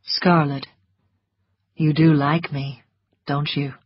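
A woman voicing a suave, teasing older man in an audiobook, speaking low and hushed. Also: flat delivery, takes it slowly, breathy edge, dry recording, full character voice. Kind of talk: audiobook dialogue. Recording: dry, slightly muffled studio audio.

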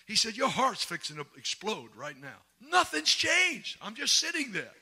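A middle-aged man preaching a sermon, folksy and humorous, moving from quiet storytelling to shouted exhortation. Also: high voice, big pitch swings, normal speed, few pauses, breathy edge.

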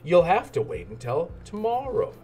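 A patient mother pig, as a man reading aloud puts her on, soft and calm. Her voice moves easily up and down. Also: on the high side, normal speed, over music, voice pushed up. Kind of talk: storybook read-aloud.

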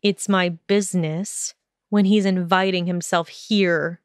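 Arrogant teen wizard boy, low harsh sneer, slow smooth delivery, dry sound, a woman reading him. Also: fairly even intonation, no echo. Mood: contemptuous.

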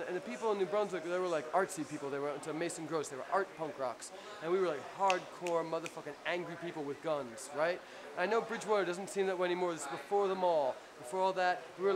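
A man with a New Jersey accent telling a rambling, profane story in a casual, animated way after a show. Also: high-pitched, fast talker, a crowd in the background. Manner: profane, rambling, animated anecdote with acted-out quotes. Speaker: punk band frontman telling a story. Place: crowded club after a show. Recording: noisy live club recording.

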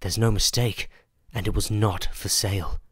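A man's voice: fairly low pitch, steady tone, moderate pace, slightly rough, no echo, studio quality. A man doing an angry record shop owner. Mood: accusing. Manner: accusing, insistent.

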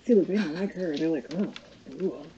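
A woman's voice: lowish voice, fast. A woman hosting a casual watch-along, giving sarcastic, exasperated running commentary. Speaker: reaction video host. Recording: slightly dull lo-fi audio with faint noise.

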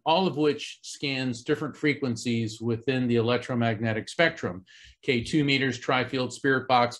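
A middle-aged man from Central Florida, a psychic medium, tells a personal story to a live audience. He's earnest and conversational, with many fillers and restarts, and his medium-pitched voice is a bit bright.

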